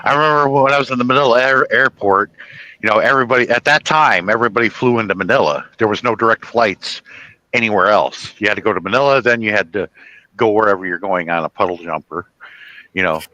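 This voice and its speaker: A man from the Chicago area hosting a casual chat, rambling through stories with halting restarts. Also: on the low side, pushed and bright, no echo, rough recording. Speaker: host.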